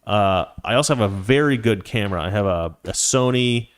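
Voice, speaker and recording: A man's voice: fairly low pitch, a little fast. A man hosting a live stream, reading viewer comments and giving opinions in a rambling, casual way with many restarts. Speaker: host.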